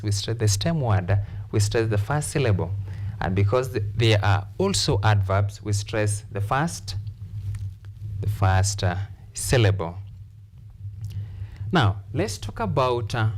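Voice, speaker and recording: A man teaching an English lesson on word stress, explaining slowly and repeating key points for his class. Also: medium pitch, a little mellow. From Kenya. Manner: slow, repetitive, deliberate explanation.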